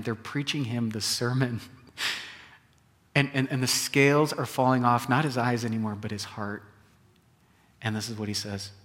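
A man preaching a sermon from the pulpit, with dramatic swings from loud emphasis to quiet, hushed phrases. His voice sits at a middle pitch. Long reverb trails after each phrase in a large church. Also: steady tone, moderate pace. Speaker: pastor.

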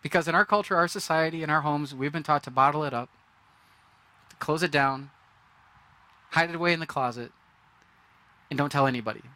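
Bright, lively-talking male preacher. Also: fairly high pitch, a little fast, long pauses. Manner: conversational, acts out quoted reactions. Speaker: pastor. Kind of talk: sermon.

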